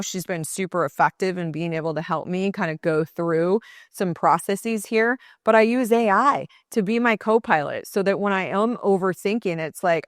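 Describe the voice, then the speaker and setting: A woman's voice: medium pitch, no echo. Earnest woman, dry close sound. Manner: earnest, conversational, with frequent "like" and "and so". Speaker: podcast host. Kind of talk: solo motivational podcast talk.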